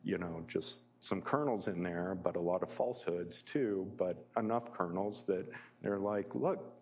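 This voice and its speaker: A man's voice: low-pitched, a little slow, darkish tone, a little hiss or hum. A man giving a public lecture as a guest speaker, conversational and full of fillers, often chuckling as he tells personal stories.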